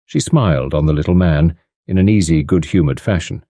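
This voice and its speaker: A man narrating an audiobook in an expressive reading style. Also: sits low, fairly quick, dry recording. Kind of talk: scripted narration. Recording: dry close studio sound.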